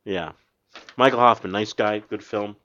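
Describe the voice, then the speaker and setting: A man's voice: fairly low pitch, measured pace, a bit bright, no echo. A man hosts a casual podcast and reads listener emails aloud with a chatty, easygoing manner. He laughs often between lines. The sound is dry and a little dull. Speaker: podcast host. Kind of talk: casual chat, reading listener mail.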